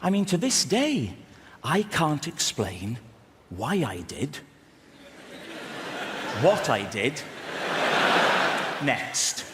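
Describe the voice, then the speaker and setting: A man from Wales telling a long story on a theatre stage, slow and dramatic. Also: on the high side, wildly swooping pitch, big-room sound, background noise. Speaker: stand-up comedian. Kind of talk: stand-up storytelling.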